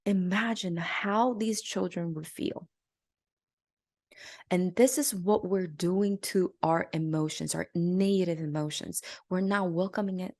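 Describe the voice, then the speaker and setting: Earnest, low-voiced woman podcast host. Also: unhurried, dry recording. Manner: earnest, gentle, confessional. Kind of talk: reflective podcast monologue.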